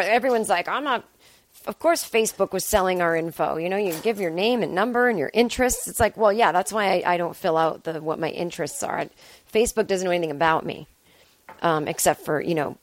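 Chatty, rambling woman. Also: on the low side. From Boston area, US. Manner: rambling, chatty, self-deprecating, swears freely. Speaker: podcast host. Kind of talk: casual solo monologue.

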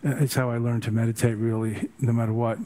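A man's voice: mid-range voice, little pitch movement, brisk, mellow. An older man giving a humorous, digressive meditation talk, telling stories to his listeners. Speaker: meditation teacher. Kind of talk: storytelling dharma talk.

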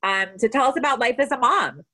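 A woman hosting a podcast interview, asking measured, complimentary questions. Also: fairly high pitch, pushed and bright. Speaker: podcast host.

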